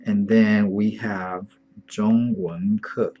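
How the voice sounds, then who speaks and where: Slow, patient male language teacher. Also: fairly low pitch, flat delivery, lo-fi sound. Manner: slow, patient, repeats words often. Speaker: Chinese teacher. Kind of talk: online language lesson.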